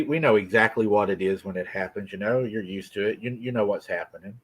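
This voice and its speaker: A middle-aged man in a folksy, drawling way tells a casual story about a strange night by the lake. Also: on the low side. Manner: folksy, drawling, laughs often. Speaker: guest telling a cryptid encounter. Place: rural farm home.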